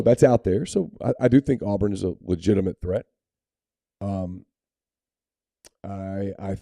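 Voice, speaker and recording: A man's voice: sits low, mellow, no echo, studio quality. A man co-hosting a sports podcast, talking candidly and opinionatedly in casual chat, with frequent restarts. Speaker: podcast co-host.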